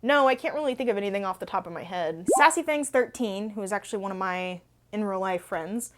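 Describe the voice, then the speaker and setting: Young woman rambling casually on her book channel, lots of "like", mid pitch. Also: brisk, a bit bright. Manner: chatty, filler-heavy, rambling. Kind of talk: casual Q&A storytelling.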